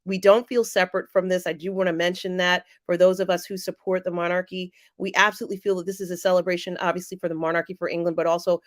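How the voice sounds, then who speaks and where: A woman hosting a live stream, reading viewer comments aloud and answering them in a chatty way with many pauses and fillers. She sounds teary and emotional. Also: lowish voice, level tone, no echo, studio quality. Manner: warm, chatty, often pausing with fillers. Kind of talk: casual live-chat commentary.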